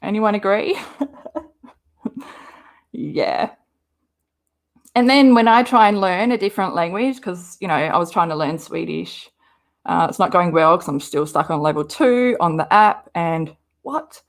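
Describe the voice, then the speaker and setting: Unhurried and given to long pauses, a woman with a low-ish voice hosts a livestream. She's Australian, chatting and rambling in a relaxed way as she answers viewers' comments.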